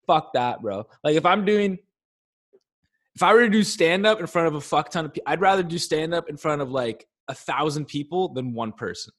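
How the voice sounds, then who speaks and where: A man's voice: on the high side, lively intonation, normal speed, a bit bright. A young man co-hosting a podcast, talking bluntly with lots of swearing in casual chat. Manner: profane, blunt, bro-ish. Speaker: podcast co-host.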